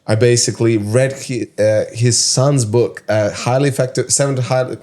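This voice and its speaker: A man with a mid-range voice hosting a relaxed podcast conversation. He talks loosely and chattily, with easy laughter. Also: medium pitch, moderate pace. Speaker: podcast host.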